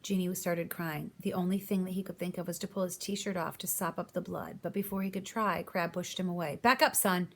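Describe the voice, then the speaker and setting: A woman's voice: lowish voice, steady tone, brisk, vocal fry, few pauses, slight background noise. A woman reading a children's novel aloud, narrating and giving voice to each character. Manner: reads aloud, voicing each character's lines. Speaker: audiobook reader. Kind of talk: storybook narration.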